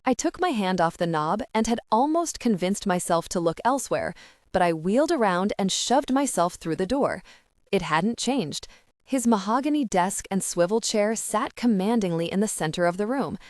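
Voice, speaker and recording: A woman narrating a first-person audiobook in an expressive, measured way. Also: medium pitch, dry recording, clean studio sound.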